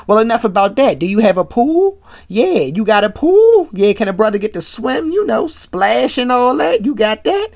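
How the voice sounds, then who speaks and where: A narrator voicing a brash, joking male radio host who teases his guest loudly. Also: mid-range voice, very animated, voice pushed up. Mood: teasing. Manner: loud, quick, teasing and jealous.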